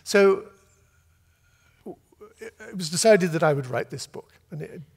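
An older man from Britain, an author telling a long, lively anecdote to a festival audience and acting out the voices he quotes. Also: on the high side, measured pace, creaky, husky, big-room sound. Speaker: author guest. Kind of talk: storytelling at a festival talk. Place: festival venue before an audience.

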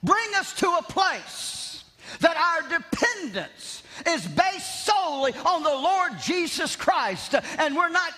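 A man preaching a revival sermon, shouting with animated, self-mocking humor in a large church. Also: very high-pitched, slow pace. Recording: long hall reverb in church.

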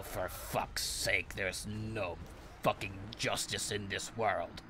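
A man's voice: lowish voice, fairly even intonation, slow pace, bright, forceful tone, slightly rough. A man giving profane comedic commentary while playing a game, boasting like a mock villain and yelping at sudden scares. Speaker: let's play gamer.

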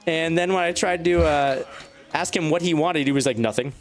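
A man giving casual, chatty commentary on his gameplay. He talks straight to the game's units and jumps up in pitch when he gets excited. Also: moderate pace, soft background music. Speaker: let's play gamer.

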